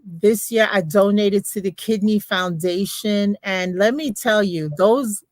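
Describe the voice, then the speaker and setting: An older woman, a grandmother and beauty consultant, chatting on a livestream in an animated, emphatic storytelling manner. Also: mid-range voice, measured pace, no echo. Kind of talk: livestream testimonial chat.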